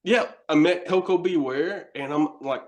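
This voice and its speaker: A man's voice: a little high, moderate pace, dull audio, crowd noise. A middle-aged man, a wrestler and horror host, telling rambling stories as a podcast guest, cursing and laughing often. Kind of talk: casual storytelling chat.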